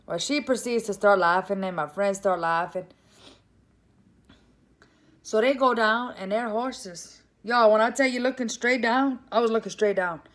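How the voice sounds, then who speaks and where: A woman with a Cajun Louisiana accent telling a comic story in a casual, animated way, calling her listeners "y'all". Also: medium pitch, measured pace.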